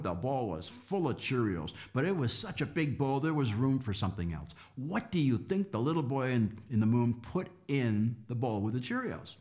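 A man telling a story to children, animated and coaxing them to act along and count with him. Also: mid-range voice, moderate pace, hardly any pauses. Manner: animated, coaxing kids to join in. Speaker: children's storyteller and folk musician.

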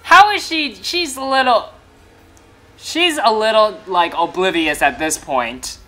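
Excitable man reacting out loud. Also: high-pitched, takes it slowly. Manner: excitable, exclaiming, teasing. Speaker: reaction video host. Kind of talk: reaction commentary.

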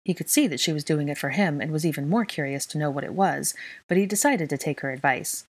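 A woman narrating a fan fiction story aloud in a steady, even reading. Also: sits low, fast. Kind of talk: audiobook narration.

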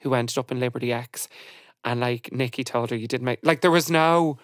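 A woman's voice: a bass voice, a little fast, dry recording, clean studio sound. Chatty woman podcast host. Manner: chatty, animated storytelling. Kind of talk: casual chat.

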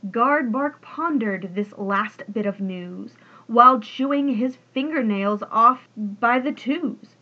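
Reader: woman, high breathy voice, slow sing-song rhymes, dull lo-fi recording. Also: pushed and bright. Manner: sing-song rhyming delivery. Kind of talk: rhyming storybook read-aloud.

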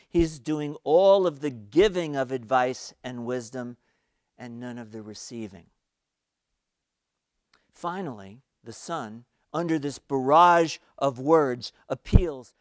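A male pastor preaching an earnest, storytelling sermon for an online worship service, rising in emphasis and then dropping to quiet. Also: fairly high pitch, clear, resonant tone, no echo, clean studio sound.

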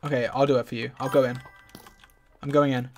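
Male gamer, mid-pitched, flustered and defensive, faint keyboard clicks and noise. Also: little pitch movement. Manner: flustered, defensive, giving quick instructions. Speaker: gaming streamer. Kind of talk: casual gaming chat.

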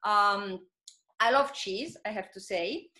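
A woman's voice: medium pitch, takes it slowly, bright, forceful tone. Italian-accented woman from Sicily, estate manager, easy conversational talk. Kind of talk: casual video-call chat.

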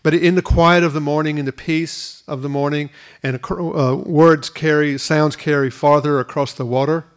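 A man's voice: a little high, fairly even intonation, normal speed, few pauses. Earnest man preaching a sermon. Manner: earnest, repeats words at restarts. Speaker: pastor. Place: school hall used for church.

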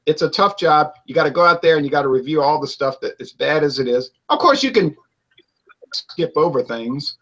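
A man with a slightly higher voice talks through a loose, casual debate about beer reviews. He rambles and stops to restart his points. His speech is full of hypotheticals. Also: lively intonation, brisk, fairly bright tone, lo-fi sound. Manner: rambling, hypothetical, self-interrupting. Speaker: beer reviewer and show host.

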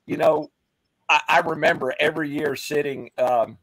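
A firefighter and keynote speaker chatting casually, earnest and humble. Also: male voice, on the high side, fairly even intonation, moderate pace, fairly bright tone, no echo, low-quality recording. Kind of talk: casual chat.

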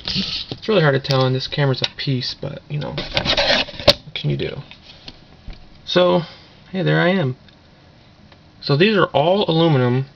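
A man talks through an unboxing in a loose, rambling way, full of fillers. His voice has a gravelly edge. The sound is dull and lo-fi, with clear noise from the camera mic. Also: a little high, normal speed, long pauses. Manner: rambling, offhand, filler-heavy. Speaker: vlogger doing an unboxing. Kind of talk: casual unboxing commentary.

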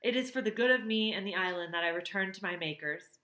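A woman voicing a gentle, determined female robot who is a mother, speaking calmly and in a measured way. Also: mid-range voice, natural voice. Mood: resolute. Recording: roomy echo.

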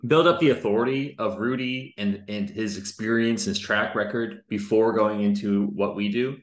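A man's voice: lowish voice, normal speed, roomy sound. A man reviewing a recorded sales call in casual commentary, loose and chatty, full of filler words and the odd swear.

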